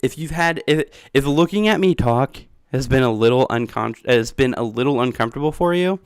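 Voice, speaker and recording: A man's voice: medium pitch, fairly quick, clean tone, no echo, studio quality. A man streaming live, rambling through a game theory and chatting with his viewers, often laughing. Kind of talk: casual live-stream chat.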